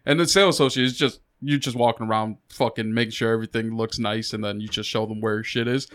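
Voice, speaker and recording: A man's voice: on the low side, steady tone, a bit bright. A man chatting on a podcast, telling stories in a joking, profane way. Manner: joking, profane, quick to laugh. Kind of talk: casual chat.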